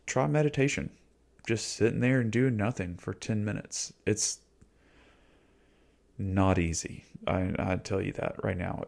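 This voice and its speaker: Man, 40s, vlog host: low, gravelly, laid-back coaching delivery, slangy and casual. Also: darkish tone. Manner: easygoing, slangy, coaching tone with frequent "like". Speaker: YouTube channel host. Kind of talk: casual reflective monologue.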